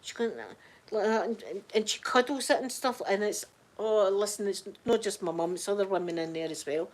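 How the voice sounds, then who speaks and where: A woman's voice: medium pitch, steady tone, fairly quick. Chatty Scottish woman live-streaming. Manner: chatty, warm-hearted, reads out chat names. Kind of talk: casual live-stream chat.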